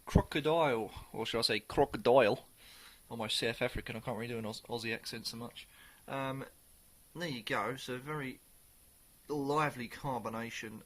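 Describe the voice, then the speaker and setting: A man's voice: mid-range voice, fairly even intonation, a little fast, pushed and bright. A man talking casually through a beer review, rambling a little and full of ums. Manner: chatty and rambling, with many ums.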